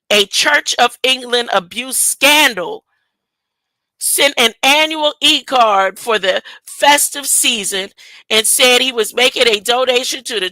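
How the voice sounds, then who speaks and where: A woman's voice: on the high side, sharp tone, no echo, poor audio. A woman rambling through casual commentary and reading a news story aloud, tripping over words and laughing at herself. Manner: slow, drawn-out delivery. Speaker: online commentator.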